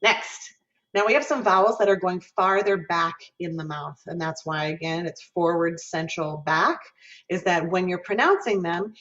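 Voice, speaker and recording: A woman professor teaching singing diction with a somewhat low voice, patiently explaining and then voicing each vowel sound herself. She often asks the class questions. The recording is dull and muffled, like online lecture audio. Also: moderate pace. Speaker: music education professor.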